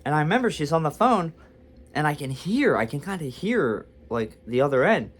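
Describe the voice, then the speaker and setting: A man's voice: on the high side, very animated, normal speed. A man telling a storytime story to camera, rambling and self-deprecating with frequent restarts. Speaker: vlogger. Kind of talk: storytime monologue.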